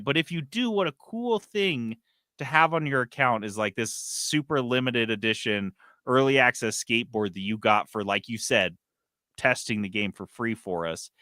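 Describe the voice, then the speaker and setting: Casting: male podcast host, bright tense tone, dry close mic, animated rants. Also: medium pitch, normal speed, dry recording. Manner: animated, swearing, ranting. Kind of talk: casual gaming news chat.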